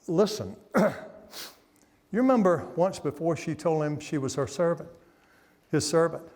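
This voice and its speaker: A man's voice: on the high side, a little mellow. A middle-aged man preaching a revival sermon in a church, telling the story folksily and putting questions to the congregation. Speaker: guest preacher. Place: church sanctuary. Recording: long hall reverb.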